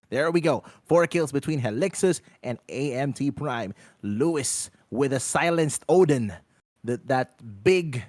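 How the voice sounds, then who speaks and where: A man casting an esports match, excitable and joking, throwing out rhetorical questions. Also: fairly high pitch, no echo, studio quality. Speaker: shoutcaster. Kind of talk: esports play-by-play commentary.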